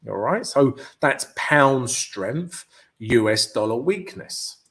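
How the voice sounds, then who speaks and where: A man's voice: medium pitch, animated, takes it slowly, fairly bright tone. A man hosting a live trading stream, walking through charts and often checking in with "yeah?" and "guys". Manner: peppers talk with "yeah" and "guys" tag questions; thinks aloud, restarts phrases. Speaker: forex trading channel host.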